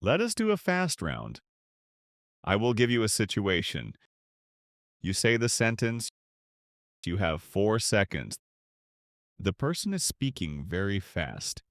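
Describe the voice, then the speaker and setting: Slow, lively-voiced man teaching English. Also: on the low side, dry recording, clean studio sound. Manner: slow, clear, with pauses for repeating. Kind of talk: slow scripted lesson for learners.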